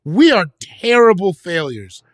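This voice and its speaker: A man's voice: high voice, sing-song, unhurried, no echo, studio quality. A man co-hosting a podcast in casual banter, profane, playful and self-mocking. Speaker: podcast co-host.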